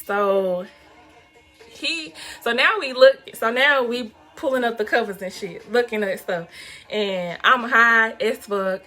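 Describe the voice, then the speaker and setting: A young woman telling a story to her viewers in a casual, animated, profane way, laughing often. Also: on the high side, takes it slowly, soft background music. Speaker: vlog host telling a story.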